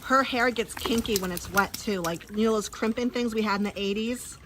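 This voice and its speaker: A woman's voice: on the high side, a little fast, heavy background noise. A woman chatting casually on a livestream from her backyard pool, laughing often and talking to her dogs.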